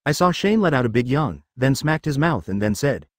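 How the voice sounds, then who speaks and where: A man narrates a fan-fiction story in a steady read-aloud manner, his pitch rising and falling in a lively way. The recording is close and dry, with almost no room sound. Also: moderate pace, dry recording. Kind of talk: reading a fanfic audiobook.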